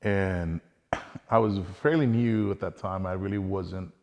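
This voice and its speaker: A man's voice: low-pitched, fairly even intonation, normal speed, vocal fry, dark tone, big-room sound. A man earnestly telling a personal hunting story in a casual, conversational way, acting out bits of dialogue as he goes.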